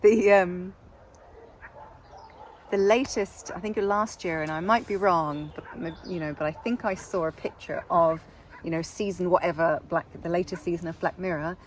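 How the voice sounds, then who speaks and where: A woman's voice: on the low side, normal speed, a little hiss or hum. An Irish woman co-hosting a casual chat, laughing often and trailing off into restarts. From Ireland. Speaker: podcast co-host.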